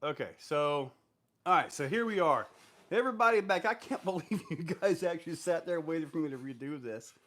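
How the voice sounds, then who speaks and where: A man's voice: a little high, expressive, fairly quick, fairly bright tone. A man hosting a casual live stream, reading viewer comments aloud and answering them in a loose, rambling way with lots of fillers. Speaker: livestream host answering viewer questions.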